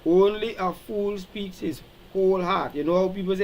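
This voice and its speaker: A man hosting a live-stream talk, animated and preacherly, reading out viewer comments and acting out quoted speech. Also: sits high, moderate pace, slight background noise, rough recording. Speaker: show host.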